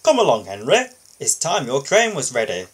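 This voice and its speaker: A man reading a storybook aloud and voicing a firm, blustering male railway boss, with a husky tone. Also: a little high, huge pitch swings, normal speed, heavily acted.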